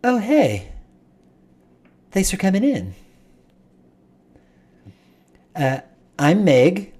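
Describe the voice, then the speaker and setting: A man's voice: high-pitched, wildly swooping pitch, takes it slowly, darkish tone, slightly rough, pitched above the performer's own voice, heavily acted. A man voicing a friendly young female dwarf who greets people and apologizes for her father.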